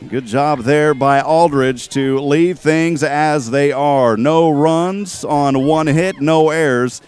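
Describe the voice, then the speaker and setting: A man calling a college softball game play by play, chatty and quick with statistics, joking with his co-host. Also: fairly high pitch, clear, resonant tone. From Texas. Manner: chatty, rattles off stats, jokes with co-host. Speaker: play-by-play announcer. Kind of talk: sports play-by-play commentary. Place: outdoor softball field.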